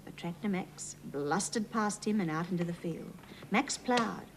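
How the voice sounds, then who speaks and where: An Australian woman hosting a children's TV show, reading a storybook aloud and talking gently to young viewers in a sing-song way. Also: lowish voice, a little slow, slight background noise, poor audio. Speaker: children's TV host.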